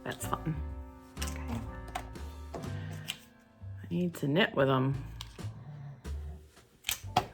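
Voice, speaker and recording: Slow, gravelly-voiced woman vlogger. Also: fairly low pitch. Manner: chatty, unhurried, thinking aloud. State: hiccups. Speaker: crafting vlogger. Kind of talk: casual chat to viewers.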